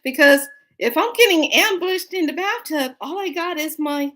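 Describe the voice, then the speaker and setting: A woman's voice: sits high, moderate pace. Playful laughing woman in her fifties. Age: 50s. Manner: playful, laughs often, animated. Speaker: spiritual livestream host. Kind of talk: casual storytelling to a live audience.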